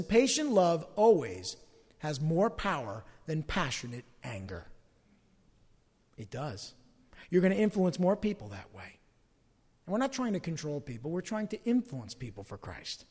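A male pastor with a very high voice preaches in a lively, animated way, acting out quoted arguments and dropping to hushed asides. His sermon rings with the long reverb of a large hall. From Northeast US, Italian-American home.

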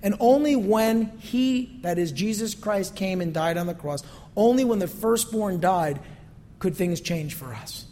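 High-voiced male pastor preaching. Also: expressive, measured pace, mellow, slight background noise. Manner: conversational preaching with rhetorical questions. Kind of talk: sermon. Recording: long reverb from a hall.

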